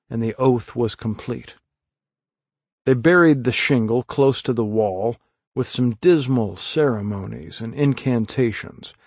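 A man reading a story aloud as narrator, slow and measured. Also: medium pitch, darkish tone, no echo, studio quality. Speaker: audiobook narrator. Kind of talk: scripted narration.

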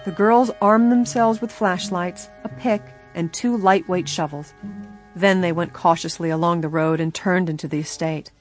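A woman narrating an audiobook in a measured, expressive storytelling manner. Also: on the low side, soft background music.

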